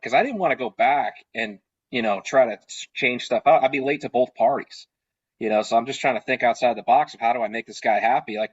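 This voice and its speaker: A man with a slightly husky voice tells his stories in a loose, rambling way, full of fillers, restarts and asides. He sounds like a small business owner swapping tips on a video call. The sound is a little dull and muffled. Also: medium pitch, fairly quick. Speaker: party rental business owner. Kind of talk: casual storytelling on a video call.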